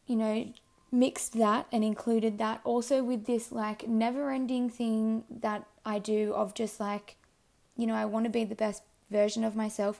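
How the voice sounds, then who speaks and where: A young woman podcast host, hoarse and losing her voice, with a gravelly fry running through her words. Her tone is dark and mellow as she rambles earnestly through her thoughts, full of fillers. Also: mid-range voice. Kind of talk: casual reflective monologue.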